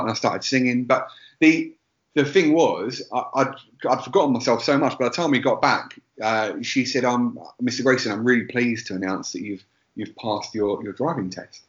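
A man's voice: medium pitch, normal speed. A man telling a rambling, self-deprecating story in casual podcast chat. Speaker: podcast co-host. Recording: roomy, dull lo-fi sound.

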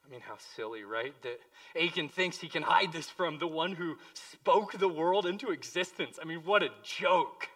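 A man preaching a sermon as pastor, impassioned, moving between hushed pleading and loud emphasis. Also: fairly high pitch, moderate pace, few pauses, distant mic.

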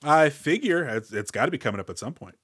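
A man co-hosting a movie podcast, his pitch swinging up and down as he jokes his way through plot recaps. He speaks into a podcast mic and sounds dry and close, with no room around him. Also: fast, breathy edge, no echo. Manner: animated, jokey, recaps plot with playful asides. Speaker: podcast co-host. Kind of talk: casual movie podcast chat.

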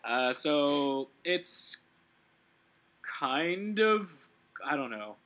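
A man hosting a relaxed gaming commentary, rambling and correcting himself as he talks, with quick laughs. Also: fairly high pitch. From Canada. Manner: rambling, self-correcting, giggly. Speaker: let's play host.

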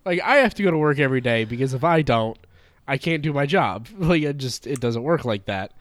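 A man's voice: medium pitch, animated, a little fast, no room sound. Wry man in casual chat. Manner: wry, sarcastic asides. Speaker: podcast co-host.

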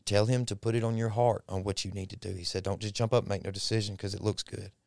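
A man's voice: lowish voice, flat delivery, fast, vocal fry, darkish tone, no echo, clean studio sound. A man telling a personal faith story in a folksy, repetitive way on a podcast. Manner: folksy Southern-style storytelling, repeats himself when moved. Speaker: podcast guest.

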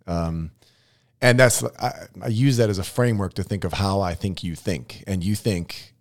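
A man with a very low voice leads a relaxed, rambling conversation. He talks thoughtfully, circling his points and restarting sentences as he goes. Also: moderate pace. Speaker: podcast host. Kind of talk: casual interview chat.

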